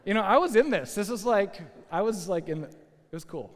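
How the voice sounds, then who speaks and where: A man preaching a sermon as a pastor, telling a story in a lively, conversational way with asides to the listeners. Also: high voice, fairly quick. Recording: long hall reverb.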